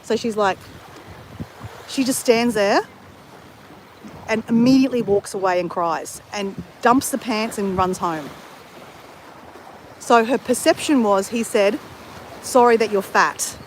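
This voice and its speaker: A woman's voice: medium pitch, unhurried, long pauses, slight background noise, poor audio. A woman talking to camera in a casual vlog, blunt and candid, swearing freely. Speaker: travel vlogger.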